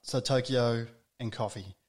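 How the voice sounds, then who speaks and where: A man's voice: mid-range voice, a little slow. Male host, conversational, teasing, mid-range voice. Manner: chatty, teasing, stumbling restarts. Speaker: podcast host. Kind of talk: casual interview chat.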